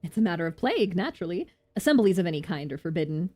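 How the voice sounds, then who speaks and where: A woman voicing a nervous, officious gatekeeper in a raised, quick voice. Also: fairly low pitch, big pitch swings, darkish tone. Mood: fussy.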